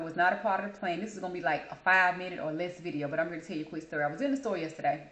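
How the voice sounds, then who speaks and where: Woman host, casual storytelling, animated delivery, echoey room. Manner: animated, acts out quotes with big pitch jumps. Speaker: channel host.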